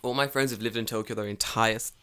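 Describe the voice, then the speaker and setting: Animated, swearing man with a London accent. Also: lowish voice, fast talker, smooth. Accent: London English. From England. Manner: animated, profane, comic storytelling. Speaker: podcast co-host. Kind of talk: casual storytelling chat.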